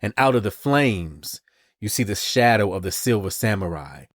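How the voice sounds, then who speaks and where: A man's voice: fairly low pitch, lively intonation, normal speed. A man hosting a podcast, casually retelling a comic story in a chatty style and acting out the characters' lines. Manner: chatty storytelling, retells scenes with "and she goes". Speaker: podcast host. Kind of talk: casual comic-book recap.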